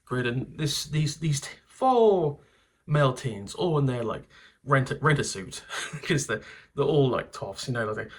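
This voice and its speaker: A man's voice: medium pitch, animated, unhurried, slightly rough. Guy rambling thru a story, swears a lot, chuckles at his own jokes, mid voice. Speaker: channel host. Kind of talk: casual anecdotal vlog.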